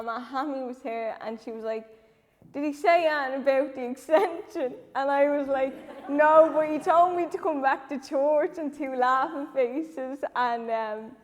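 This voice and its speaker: A nervous woman close to tears tells her personal testimony in church, halting and full of "um" and "like". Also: fairly high pitch. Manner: halting, lots of "um" and "like". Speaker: church member giving testimony. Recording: reverberant church hall.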